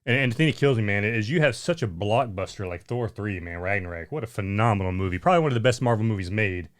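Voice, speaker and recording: A man's voice: fairly low pitch, lively intonation, quick pace. A man co-hosting a casual chat, blunt and exasperated, often repeating himself and saying "man". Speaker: podcast co-host.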